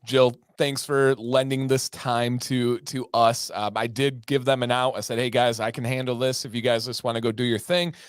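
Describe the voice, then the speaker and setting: A man hosting a casual livestream, upbeat and animated, telling stories and laughing often. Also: medium pitch, normal speed, hardly any pauses, clear, resonant tone, dry recording, clean studio sound. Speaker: livestream host.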